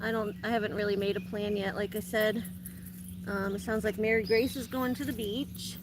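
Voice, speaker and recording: A young woman chatting casually with her live chat from her garden, slipping into high sing-song baby talk with her dog. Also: steady tone, normal speed, noisy background. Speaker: vlog host talking to live chat. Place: outdoors in a home garden.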